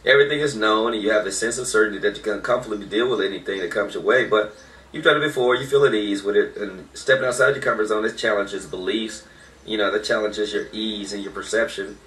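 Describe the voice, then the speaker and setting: A man's voice: lowish voice, quick pace, a bit bright, far from the mic. A man giving an informal motivational talk, emphatic and repeating his key points. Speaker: motivational speaker. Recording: echoey room, voice off-mic.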